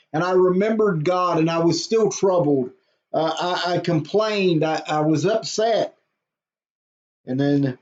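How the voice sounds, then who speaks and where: A man's voice: high voice, darkish tone. A man, a pastor reading a psalm aloud and then explaining it plainly in a short devotional talk. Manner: reads scripture slowly, then explains plainly. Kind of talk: devotional Bible reading and commentary. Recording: dull lo-fi audio.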